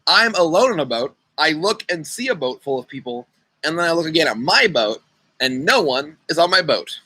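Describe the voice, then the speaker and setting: A man's voice: on the high side, very animated, normal speed, bright, forceful tone, breathy edge, no echo, low-quality recording. A young man leading an online youth group, chatting casually and playfully while he runs a riddle game over a video call. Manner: chatty, playful, talks to kids by name. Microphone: computer mic on a video call.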